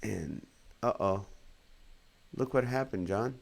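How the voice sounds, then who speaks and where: A man's voice: fairly low pitch, slow pace, creaky. A man in his forties, a comedian hosting a casual live stream, reading viewer comments aloud and laughing along with their jokes. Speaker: comedian and show host.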